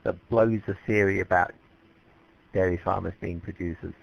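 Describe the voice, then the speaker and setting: Gravelly man teaching a class. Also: deep voice, moderate pace, lo-fi sound. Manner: relaxed, chatty explanations. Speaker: English teacher.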